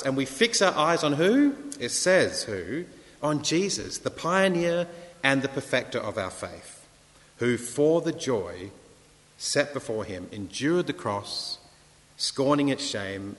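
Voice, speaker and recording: A man preaches a sermon in an earnest voice that rises to emphatic scripture reading. His pitch swings widely and freely. His voice rings out with a long reverb. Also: a bit bright.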